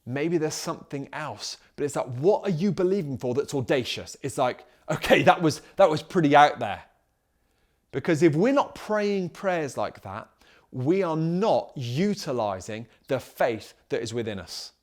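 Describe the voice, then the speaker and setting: A man's voice: fairly high pitch, very animated, normal speed, darkish tone. A man preaching a sermon as pastor, emphatic and full of rhetorical questions.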